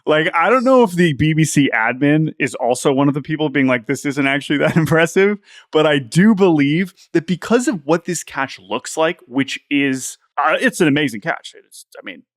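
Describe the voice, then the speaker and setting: A man co-hosting a sports podcast in casual chat, animated and laughing often, restarting his words as he thinks. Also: fairly high pitch, normal speed, hardly any pauses, no room sound, clean studio sound. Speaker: podcast co-host.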